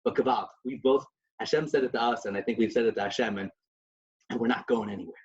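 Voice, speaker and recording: A man's voice: mid-range voice, fast. Man in a dull lo-fi recording. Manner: storytelling with many restarts and Yiddish terms. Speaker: podcast co-host. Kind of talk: casual religious discussion.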